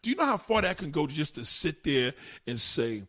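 A man's voice: a little high, very animated, normal speed, fairly bright tone. A man, likely in his thirties, ranting crudely and emphatically on a casual livestream. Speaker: livestream host. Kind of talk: profane casual rant.

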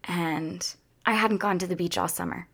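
A woman talking casually to her viewers in a heartfelt, chatty way, near tears and drifting into soft whispers at times. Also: fairly low pitch, steady tone, normal speed, gravelly. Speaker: vlogger. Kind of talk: casual personal talk to viewers.

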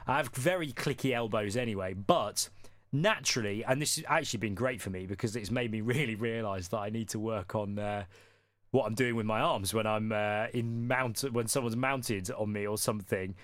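A man's voice: fairly low pitch, moderate pace, dry recording. Man, from the UK, podcast co-host, rambling, um-filled, dry close sound. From United Kingdom. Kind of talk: casual podcast chat.

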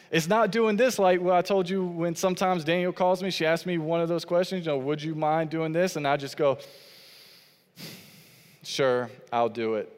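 A man's voice: on the high side, big-room sound. A man preaching a sermon as pastor, earnest and repetitive, quoting scripture and building phrase on phrase.

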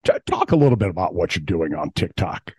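A man's voice: low voice, big pitch swings, fairly quick, darkish tone, breathy edge. A man interviewing a guest in an easygoing, encouraging way. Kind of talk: casual interview chat.

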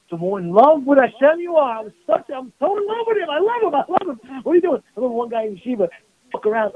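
A man's voice: very high voice, very animated, fast. A rabbi giving a passionate sermon, mixing Hebrew terms into his preaching. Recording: tinny phone-like radio broadcast.

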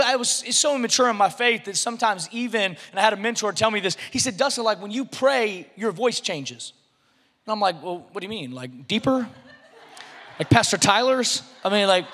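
A man in his thirties preaching a sermon in a conversational, animated way, with frequent restarts and acted-out quotes. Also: very high-pitched, in a large hall. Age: 30s. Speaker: pastor.

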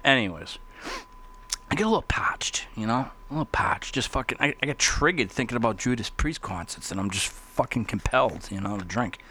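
A man talking casually as a podcast host, rambling and swearing constantly, getting excitable. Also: lowish voice, fairly quick, few pauses, a little hiss or hum. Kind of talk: casual profane monologue.

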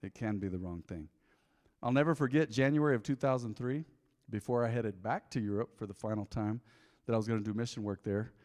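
Middle-aged pastor in a reverberant church. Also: male voice, on the low side, fairly quick. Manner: candid storytelling, swelling to a loud prayer. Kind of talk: sermon with personal testimony. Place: church sanctuary. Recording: long church hall reverb.

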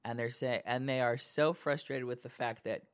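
A man's voice: mid-range voice, fairly even intonation, normal speed, clear, resonant tone. A man co-hosting a podcast in casual chat, giving wry and earnest opinions. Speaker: podcast co-host.

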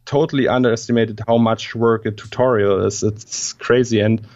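A man with a German accent who is a native German speaker, chatting casually as an interview guest, halting often with fillers, restarts and casual swearing. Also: fairly low pitch, steady tone, darkish tone, highs cut off. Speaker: guest CGI artist.

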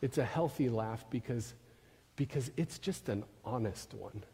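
A man's voice: medium pitch, expressive, measured pace, husky. Man preaching in a reverberant hall. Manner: storytelling, rising to emphatic questions then dropping soft. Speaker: pastor. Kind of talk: sermon.

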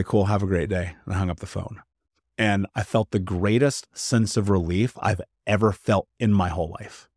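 A man with a fairly low voice gives a candid interview as a podcast guest. He talks loosely and frankly, leans on "like," and repeats words to drive his point home. The sound is close and dry. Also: creaky, a little mellow, no room sound. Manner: frank, conversational, peppered with "like"; emphatic repetition. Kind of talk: candid personal storytelling interview.

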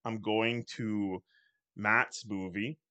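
A man's voice: fairly low pitch, steady tone, extremely slow, sharp tone, clear, resonant tone, highs cut off. A man chatting casually on a podcast, thinking aloud with many hesitations. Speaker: podcast co-host.

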